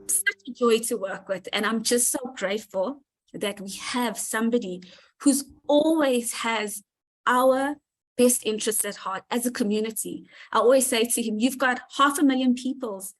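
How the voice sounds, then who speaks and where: A woman's voice: on the high side, poor audio. Emotional woman giving heartfelt thanks. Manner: heartfelt, gushing, thanks people by name. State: near tears. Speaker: community leader presenting to members. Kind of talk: emotional speech on a live community call.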